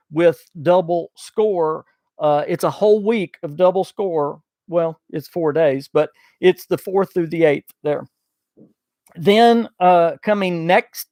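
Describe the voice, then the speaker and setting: A man with a thick Southern US drawl hosts a gaming podcast livestream, reading viewer super chats in a folksy, chatty way and sometimes losing his train of thought. His voice sits a little high for a man and carries a gravelly, fry-laden texture. The recording is dry and close, with no room sound. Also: darkish tone, no room sound. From Southern United States. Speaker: podcast host.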